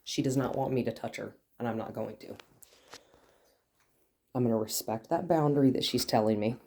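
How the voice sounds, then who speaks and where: A woman dog trainer explaining what she does as she handles a nervous dog, now and then dropping into soft, soothing talk. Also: rumbling low, normal speed.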